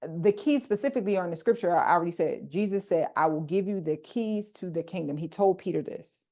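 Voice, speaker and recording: An animated woman leads a group workshop over a video call. She teaches casually and speaks right to her listeners, slipping into slang as she explains. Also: lowish voice, a little fast. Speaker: coach leading a group workshop.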